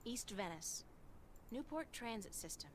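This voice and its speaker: A woman's voice: fairly high pitch, very animated, unhurried, background noise. An actress voicing a wry young woman game heroine who narrates in a dry, sardonic way. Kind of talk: video game voice acting.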